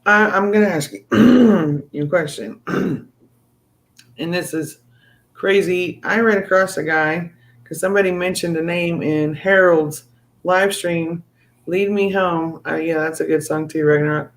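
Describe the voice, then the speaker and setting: Hosting a live stream, this man with a high-pitched voice chats in an unhurried way. His talk is excitable and meandering, full of stumbles and restarted sentences.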